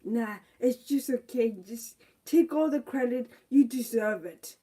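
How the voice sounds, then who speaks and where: A woman's voice: fairly high pitch, unhurried, dark tone, breathy edge. A young woman giving a live review of a TV show, ranting indignantly and firing off rhetorical questions.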